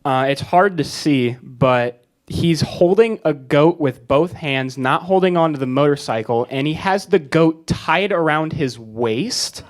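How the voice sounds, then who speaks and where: A teenage boy with a slightly raised pitch describes trip photos to an audience. He speaks plainly, with some hesitant restarts. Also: expressive, a little slow. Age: teens. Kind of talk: casual sharing to an audience.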